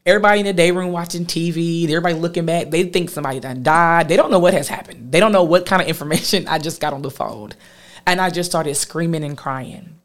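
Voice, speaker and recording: Woman, interview guest, animated storytelling. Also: lowish voice, fast. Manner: animated, quotes others with lively voices. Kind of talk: emotional personal storytelling.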